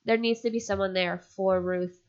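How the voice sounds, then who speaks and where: A woman's voice: medium pitch, steady tone, normal speed, smooth. Stuffed-up woman chatting about a bible passage, lots of "like", a bit out of breath, dull lo-fi audio. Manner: chatty, upbeat, with frequent "like". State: congested and short of breath. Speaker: podcast co-host. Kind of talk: casual Bible study chat and reading aloud.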